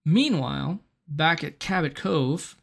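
A podcast co-host with a gravelly, fry-tinged voice at an ordinary mid pitch. They talk through a TV episode in a loose, chatty way, laughing often and swearing casually. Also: animated, slow pace. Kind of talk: casual chat recapping a TV episode.

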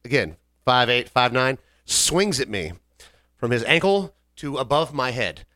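A man's voice: mid-range voice, lively intonation, measured pace, pushed and bright, no room sound, studio quality. A man co-hosting a podcast, telling a long rambling story in casual chat with quoted voices. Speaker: podcast co-host.

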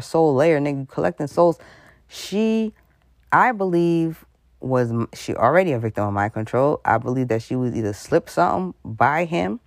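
Brief: gravelly conspiracy vlogger, rambling and suspicious, dry close sound. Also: mid-range voice, no room sound. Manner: laughs mid-sentence. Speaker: commentary vlogger. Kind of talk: casual conspiracy commentary.

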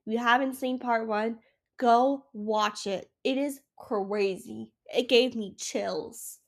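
A woman's voice: fairly high pitch, steady tone, takes it slowly. A sick young woman hosting her own podcast, gushing and emotional in a rambling casual chat. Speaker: podcast host.

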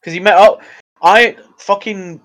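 Male co-host, slightly high voice, sweary banter and stubborn arguing. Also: steady tone, measured pace, fairly bright tone. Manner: sweary, jokey, argumentative. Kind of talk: casual chat.

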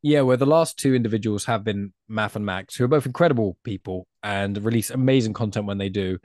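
A man's voice: lowish voice, brisk, darkish tone, dry recording, studio quality. An English man with a chatty, rambling way of talking, a guest on a casual podcast. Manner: chatty, rambling, self-correcting.

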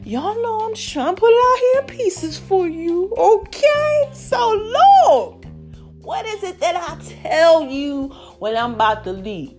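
A woman giving an animated faith-based pep talk to her viewers, preachy and chatty, calling them y'all. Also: extremely high pitch, slow, faint music behind. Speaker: vlogger.

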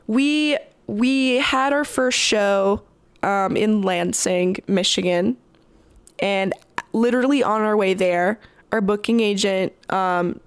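A woman's voice: medium pitch, clean tone, no room sound. A young Canadian musician talks through a tour story in a loose, chatty way, stacking fillers and restarts as she goes. Her voice sits in an ordinary middle range, and the recording is close and dry, with no room sound. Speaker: touring musician, interview guest. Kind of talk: casual interview storytelling.

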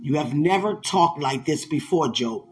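A man voicing God as a calm, fatherly male deity who gently reassures, in a preached retelling. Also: a little high, unhurried, faint music behind, voice pushed down. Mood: reassuring.

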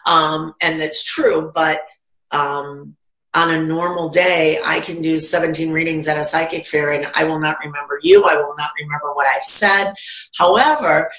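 Speaking at a moderate pace in a slightly low voice, a woman who teaches and works as a psychic medium shares stories from her work in conversation. She's relaxed and chatty but springs into animated impressions of the people she quotes. Noticeable room echo surrounds her.

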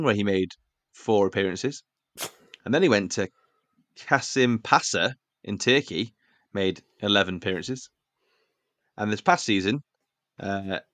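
A man's voice: on the low side, fairly bright tone, no echo. A man hosting a casual football podcast, reeling off stats with a wry, chuckling manner.

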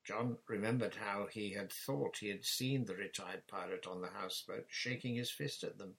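A man narrating a children's story chapter in a measured, plain reading voice. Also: fairly low pitch, vocal fry, fairly bright tone, husky, low-quality recording. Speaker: audiobook narrator.

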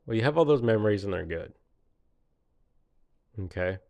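Late-30s man, low voice, solo reflective rambling monologue, self-amused. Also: lively intonation, normal speed, gravelly, a little mellow. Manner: rambling, laughs often at himself. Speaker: podcaster.

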